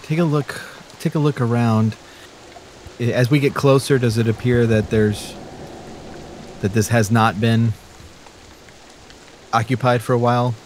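A man's voice: medium pitch, fairly even intonation, measured pace, long pauses, a little mellow, a little hiss or hum. A man playing a tabletop game, asking hesitant in-character questions. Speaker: player.

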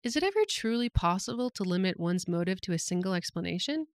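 A man voicing a thoughtful, aloof wanderer who speaks in a measured, philosophical way. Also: high voice, sing-song, clear, resonant tone, dry recording, voice pushed up. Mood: detached.

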